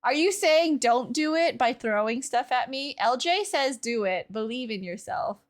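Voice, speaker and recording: Woman gaming streamer with a very high, animated voice. Talks slowly, jokes and laughs, digs in when arguing with chat. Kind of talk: live gameplay stream chat.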